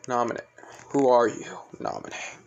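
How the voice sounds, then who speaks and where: A man's voice: medium pitch, fairly even intonation, moderate pace, gravelly, a little mellow, highs cut off, slight background noise, close to an everyday voice. A man voicing an earnest, determined teenage boy hero in a spoken fan story. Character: young teen male hero, earnest and determined.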